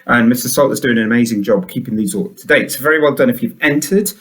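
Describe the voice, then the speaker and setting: A man's voice: medium pitch, fast talker. A man hosting a school announcements show, upbeat and chatty, full of enthusiasm.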